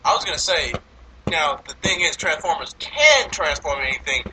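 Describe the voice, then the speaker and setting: A man in casual, profane movie review chat, animated and laughing often as he complains. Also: fairly high pitch, normal speed, background noise.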